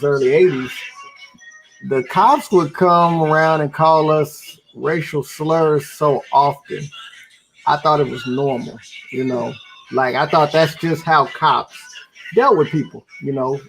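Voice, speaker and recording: A laid-back man in his fifties from Texas talks as a podcast co-host. His voice is fairly high and gravelly. Soft music plays faintly behind him. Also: rough recording. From San Antonio, Texas. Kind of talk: casual group discussion.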